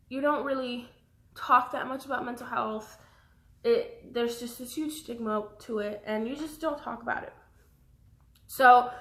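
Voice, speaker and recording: A woman's voice: on the high side, a bit bright. Rambling young woman in an echoey room. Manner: rambling, jumps between thoughts, apologetic asides. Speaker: vlogger. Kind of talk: personal storytelling vlog.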